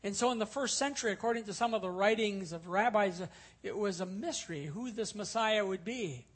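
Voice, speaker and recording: A male pastor with a high, husky voice speaks a little fast as he teaches an expository sermon. He explains scripture earnestly and repeats key points for emphasis.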